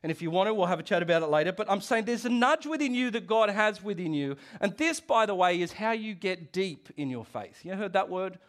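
A middle-aged man preaching a sermon as pastor, animated and conversational, with asides and restarts. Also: high voice, brisk, few pauses.

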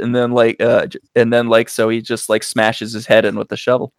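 A man's voice: medium pitch, level tone, brisk, few pauses, no room sound, studio quality. Rambling, profane man recapping a movie. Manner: rambling, profane, acts out quotes with big voice jumps. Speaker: podcast co-host reviewing movies. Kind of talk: casual chat.

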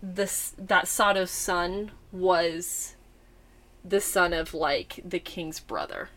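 A woman with a bright, tense tone tells a story in casual podcast chat. She swears freely and acts out her own reactions with lively energy. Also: on the low side, slow. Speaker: podcast co-host telling a history story.

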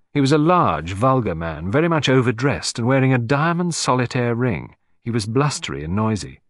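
A male audiobook narrator reads a scripted detective story in a clear, steady storytelling style. His voice is medium-pitched, and the clean studio recording has no room sound.

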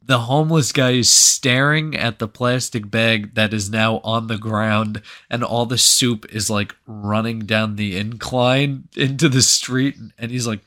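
A man's voice: mid-range voice, fairly even intonation, unhurried, few pauses, pushed and bright. A man casually telling a rambling, profane anecdote as a podcast co-host. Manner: rambling, profane, laughing often. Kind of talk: casual storytelling.

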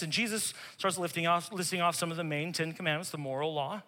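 A male pastor preaching an emphatic sermon, repeating key phrases and dropping to a hush for tender moments. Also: fairly high pitch, steady tone, moderate pace, big-room sound.

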